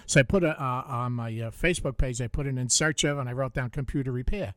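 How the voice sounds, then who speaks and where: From a radio studio, an older Bronx-accented host tells stories and jokes in a relaxed, chatty way, laughing easily. He talks fast in a mid-range, slightly bright voice, recorded at studio quality with no echo.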